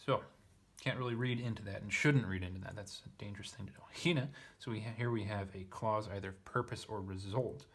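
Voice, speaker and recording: Hesitant low-voiced man teaching. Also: fairly quick, few pauses, a bit bright, slightly rough. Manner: hesitant, thinks aloud, corrects himself. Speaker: Greek teacher. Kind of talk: casual lesson reading.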